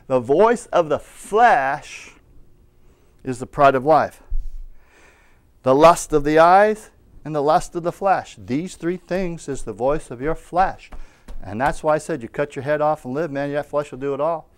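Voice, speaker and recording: A man's voice: on the high side, normal speed. A man preaching a Bible school class, exhorting his listeners, calling for amens and reading scripture aloud. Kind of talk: sermon.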